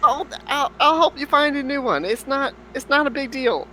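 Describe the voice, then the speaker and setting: Man doing a high, stammering, pleading little adventurer. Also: lively intonation, moderate pace, sharp tone, heavily acted, rough recording. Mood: apologetic. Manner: flustered, stammering pleas. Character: small, nervous adventurer pleading and apologizing.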